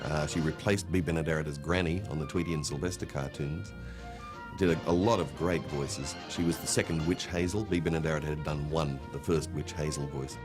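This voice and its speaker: Low-voiced guy in a documentary interview, relaxed storyteller. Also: brisk. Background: music.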